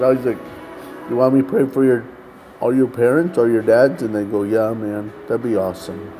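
In a casual testimony style, a man recounts his street ministry as a personal story, acting out other people's lines and saying "man" a lot. His voice is lowish, and the recording quality is low.

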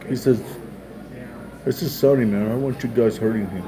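A man tells a long story in a relaxed, rambling way, dropping "man" and "like" into nearly every line. His voice sits at an ordinary middle pitch, and a lively crowd chatters clearly behind him. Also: brisk. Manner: loose, rambling retelling full of "man" and "like". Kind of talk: casual spoken story.

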